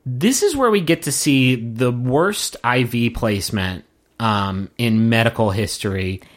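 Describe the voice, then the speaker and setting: A man's voice: medium pitch, expressive, unhurried. Joking, self-mocking male podcast co-host. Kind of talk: casual chat.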